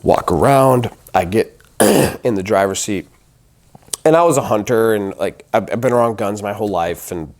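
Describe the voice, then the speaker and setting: A man's voice: on the low side, normal speed, darkish tone. A man giving a personal testimony as a recovery advocate, talking intensely and profanely, with emphatic repeats and restarted phrases. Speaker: recovery advocate telling his story.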